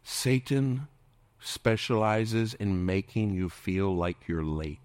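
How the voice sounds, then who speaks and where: Low-voiced man preaching a sermon. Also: animated, slow pace, a little mellow, no room sound. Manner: preachy, asks the crowd many questions, jokes and mimics. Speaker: pastor.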